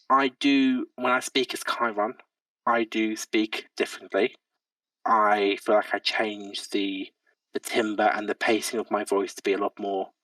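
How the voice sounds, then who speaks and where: A man's voice: fairly low pitch, bright, forceful tone, dry recording. A man chatting as a podcast guest, hesitant and searching for words with many restarts. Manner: hesitant, lots of ums and restarts, laughs easily. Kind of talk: reflective casual chat. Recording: dry sound from a distant mic.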